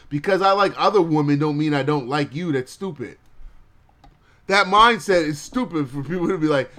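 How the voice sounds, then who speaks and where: A man hosts his own podcast in a loose, profane monologue. His voice sits a little high for a man. He rants bluntly at his chat and laughs at his own jokes. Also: animated, normal speed, sharp tone. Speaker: podcast host.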